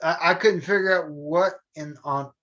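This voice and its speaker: A man's voice: on the high side, normal speed, fairly bright tone. Laughing man telling stories. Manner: laughing often while telling stories, Southern phrasing. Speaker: former theme park train show performer. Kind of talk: casual storytelling chat. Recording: dull lo-fi sound.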